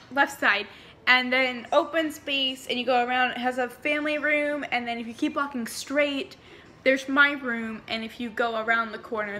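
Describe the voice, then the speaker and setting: A woman's voice: high-pitched, bright, forceful tone, slight background noise. A young woman chatting through a paranormal storytime vlog, rambling and full of fillers. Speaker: vlogger.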